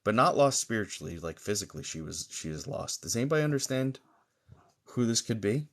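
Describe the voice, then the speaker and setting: A man hosts a live-streamed psychic reading, his voice sitting a little lower than most. He feels his way through the session in a halting manner, full of pauses and fillers. His tone toward viewers stays gentle and reassuring. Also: lively intonation. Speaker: psychic medium.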